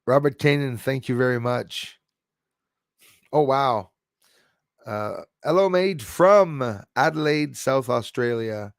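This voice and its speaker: A man's voice: medium pitch, fairly even intonation, slow, pauses often, clear, resonant tone, dry recording, clean studio sound. A man hosting a live stream, chatting casually in a rambling way and answering viewer comments. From Quebec.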